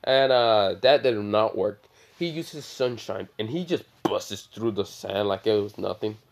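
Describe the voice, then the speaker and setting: Brief: young male storyteller, unhurried, hesitant, filler-heavy delivery. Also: fairly low pitch. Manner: halting, many fillers and throat clearing. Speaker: fan storyteller. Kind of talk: improvised fan-fiction retelling.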